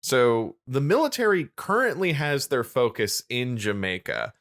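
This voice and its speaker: A man co-hosting a podcast, chatting casually and recapping episodes in a relaxed storytelling way. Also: medium pitch, unhurried. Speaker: podcast co-host.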